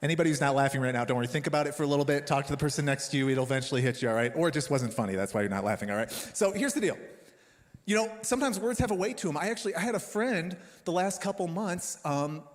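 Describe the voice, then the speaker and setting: A man's voice: on the high side, animated, rapid-fire, long reverb tail. A man preaching a sermon as pastor, in a conversational style with joking asides to his congregation. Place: church hall.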